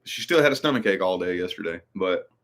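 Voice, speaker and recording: A man hosting a casual stream, telling stories in a rambling, profane, animated way. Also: low-pitched, quick pace, noisy background. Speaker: channel host. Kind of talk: casual livestream chat.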